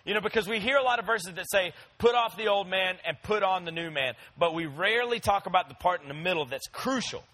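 A man's voice: sits high, brisk, hardly any pauses, pushed and bright, poor audio. A young man preaching a sermon in a conversational, storytelling way, talking straight to his listeners. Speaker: pastor.

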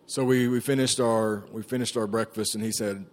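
A man's voice: lowish voice, steady tone, moderate pace. A man giving a personal testimony to a group, telling his story casually with lots of fillers. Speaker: ministry staff member giving testimony.

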